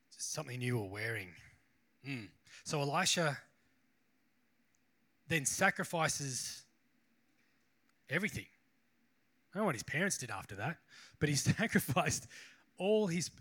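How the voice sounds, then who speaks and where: A male pastor with a medium-pitched, bright, forceful voice delivers a loose, casual sermon. He wanders a bit, tossing in self-deprecating asides.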